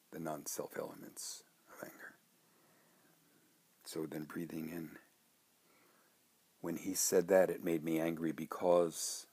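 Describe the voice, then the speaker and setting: A man guiding a meditation, speaking softly and slowly and often dropping into a hushed whisper. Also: low-pitched, creaky, breathy edge. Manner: slow, soft-spoken, often drops to a hushed whisper. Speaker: meditation teacher. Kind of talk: guided meditation instruction.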